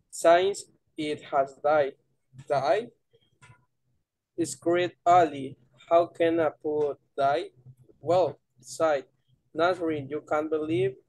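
Slow man reading aloud haltingly. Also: on the high side, a little mellow, no room sound, poor audio. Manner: careful, halting reading with mispronunciations. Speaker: student.

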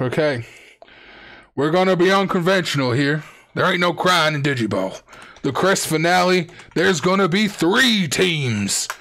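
A young man hosting a live stream, chatting casually and cracking jokes between votes. His speaking voice sits a touch high, and he talks in a loose, chatty way. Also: animated, measured pace, gravelly, fairly bright tone. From Wales. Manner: chatty, jokey, reads chat aloud.

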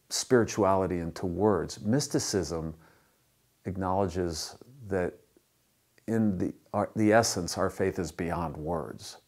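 A pastor with a fairly low voice delivers a sermon. He keeps things relaxed and conversational, slipping lighthearted jokes into his teaching.

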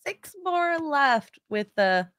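A woman's voice: high voice, sing-song, takes it slowly, fairly bright tone, no room sound, studio quality. A woman producer chatting casually and upbeat on a live stream. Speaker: show producer.

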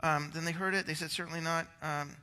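A man's voice: fairly high pitch, steady tone, quick pace, sharp tone, long reverb tail. A male pastor preaching a rambling, conversational sermon, out of breath, with many restarts.

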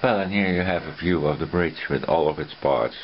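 A man's voice: extremely low pitch, fairly quick, reverberant, dull audio, heavy background noise. A man who builds guitars, narrating his workshop work in a casual, plain-spoken way with dry humor.

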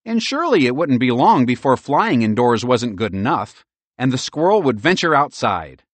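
A man narrating a children's audiobook with lively, expressive storytelling. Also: mid-range voice, normal speed, no room sound.

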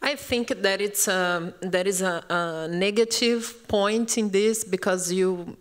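A woman from Brazil, a native Portuguese speaker, answering as a panelist in halting English while she searches for words. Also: medium pitch.

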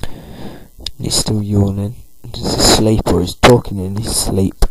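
A man's voice: on the low side, steady tone, takes it slowly, fairly bright tone, poor audio. A man giving casual let's-play commentary, loosely narrating the game and paraphrasing characters with "he's like.". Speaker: gameplay commentator.

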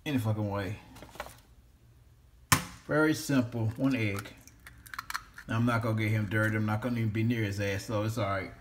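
A man's voice: fairly low pitch, fairly even intonation, normal speed, long pauses, very noisy. A man in a casual cooking vlog, cursing freely and rambling while he talks to a toy. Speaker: home cook vlogger.

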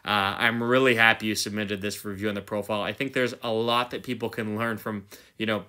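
A man's voice: on the low side, steady tone, brisk, bright, forceful tone. A male host giving casual, enthusiastic commentary while reviewing. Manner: enthusiastic, chatty, reads text aloud.

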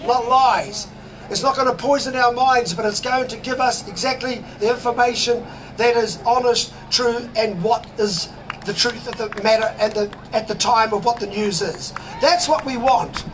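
Casting: high-pitched New Zealand man, fiery rally orator, faint crowd and street noise behind. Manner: fiery, preachy, shouts slogans. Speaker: rally speaker. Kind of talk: outdoor protest speech. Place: outdoors at a city demonstration. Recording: crowd and traffic noise outdoors.

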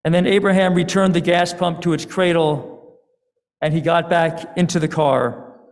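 A man, a rabbi, giving a sermon in a synagogue, telling a story in a deliberate, dramatic way. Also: fairly high pitch, steady tone. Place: synagogue sanctuary. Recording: long hall reverb.

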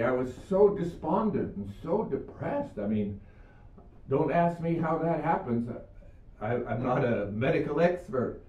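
A man's voice: medium pitch, warm tone. Older man preaching, far and echoey. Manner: earnest storytelling with scripture. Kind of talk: video sermon. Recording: echoey room, far mic, phone-like sound.

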